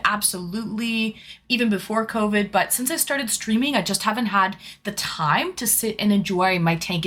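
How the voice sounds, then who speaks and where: Young woman streamer, bright voice, chatty and rambly, says hi to everyone in chat. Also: medium pitch. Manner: greets chat viewers by name, chatty and rambling. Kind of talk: casual live-stream chat.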